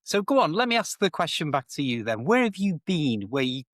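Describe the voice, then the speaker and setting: A man's voice: on the high side, big pitch swings, brisk, a bit bright, no room sound, clean studio sound. A man with a Liverpool accent, an English teacher and co-host, telling stories in a casual, self-deprecating way. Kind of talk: casual conversation, storytelling.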